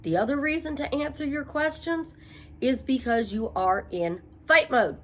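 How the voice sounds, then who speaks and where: A middle-aged woman coaches her listeners in a motivational talk. Her voice sits a little high, and she drives each point home by repeating it. Playful asides break up the emphatic delivery. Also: animated, moderate pace, a bit bright. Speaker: life coach.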